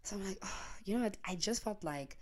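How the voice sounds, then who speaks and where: A young South African woman telling a story on her podcast in a lively casual way, laughing often and slipping in Zulu slang, speaking into a handheld mic on her bed. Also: mid-range voice, fairly quick. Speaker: podcaster and YouTuber. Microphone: handheld microphone.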